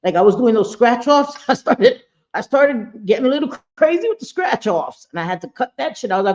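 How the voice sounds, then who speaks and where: A woman's voice: medium pitch, lively intonation, a little fast, darkish tone, muffled recording. A woman hosting a casual livestream chat, blunt and talkative, swearing freely and greeting viewers by name. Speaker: livestream host.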